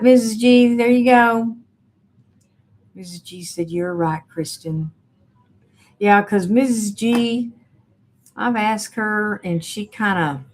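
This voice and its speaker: A woman's voice: low voice, darkish tone. A woman hosting a casual live stream, reading viewer comments aloud with sassy, teasing asides.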